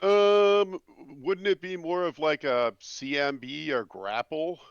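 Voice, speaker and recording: Male gamer, gravelly, stammering, dull lo-fi audio. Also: a little high, slow pace, no room sound. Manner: hesitant, stammering. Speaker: tabletop game player. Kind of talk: casual chat. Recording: dull lo-fi recording.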